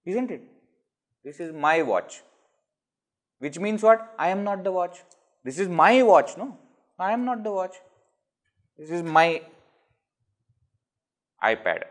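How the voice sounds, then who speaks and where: Indian man teaching scripture, lively questions. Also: sits high. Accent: Indian English. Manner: explains with rhetorical questions and everyday examples. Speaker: spiritual teacher. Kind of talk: scripture discourse.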